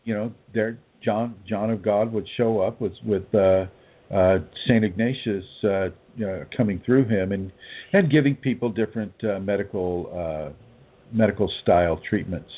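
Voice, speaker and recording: A man, a spiritual teacher, answering listener questions on a broadcast in a halting way with many fillers and restarts. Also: fairly low pitch. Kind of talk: casual radio broadcast talk. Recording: tinny phone line.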